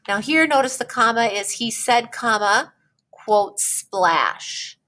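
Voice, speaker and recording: A woman teacher walks through a writing lesson at an unhurried, deliberate pace. Her voice sits a little on the high side. She keeps pausing to check in with her students. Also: lively intonation, bright, forceful tone. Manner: slow, patient explaining with frequent "okay?" check-ins.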